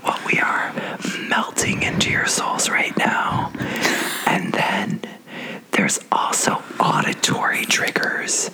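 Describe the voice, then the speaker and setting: A young woman co-hosting a podcast, whispering as she slowly reads out facts with jokey asides. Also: a bass voice, pushed and bright, low-quality recording. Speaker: podcast co-host.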